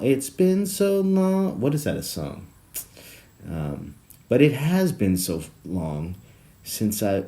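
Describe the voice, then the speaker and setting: A man with a lowish voice hosts his own podcast alone, talking slowly and rambling from one tangent to the next. His pitch swings widely, from low mutters to loud, excited bursts, and he swears and laughs constantly. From South Florida. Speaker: podcast host. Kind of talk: rambling solo podcast monologue.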